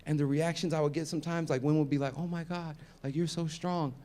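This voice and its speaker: Performing stand-up, a man in his thirties tells stories and impersonates the people in them, his volume swinging from loud to soft. He talks fast in a steady, higher-leaning voice.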